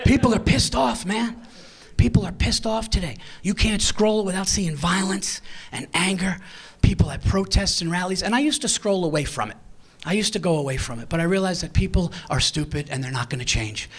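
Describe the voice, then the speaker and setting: A man doing a stand-up comedy set in a live venue, brash and profane, shouting his punchlines. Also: high-pitched, moderate pace, breathy edge.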